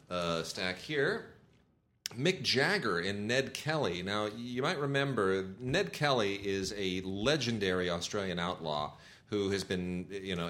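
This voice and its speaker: A man's voice: sits low, a bit bright. A middle-aged man co-hosting a casual talk show, enthusiastic and sarcastic, with lots of fillers and restarts. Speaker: podcast co-host reviewing home video releases. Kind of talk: casual chat.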